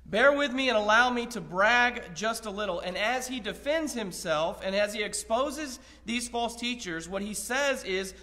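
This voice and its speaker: A man's voice: high voice, gravelly, a bit bright. A man preaching an evening Bible lesson, earnest and posing rhetorical questions as he paraphrases scripture. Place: church sanctuary. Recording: long reverb of a church hall.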